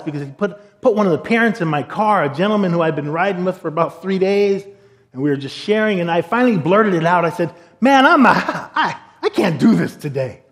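A middle-aged man preaching, telling a humorous personal story with lively quoted dialogue. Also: a little high. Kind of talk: storytelling sermon.

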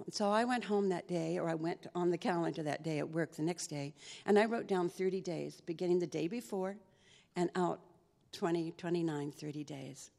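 A woman tells her faith testimony as an earnest story, acting out the conversations she had. Her mid-pitched voice has a gravelly edge. She is heard with a long reverb, as if in a large hall. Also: darkish tone. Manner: earnest, re-enacts conversations in dialogue. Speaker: speaker sharing a personal faith testimony.

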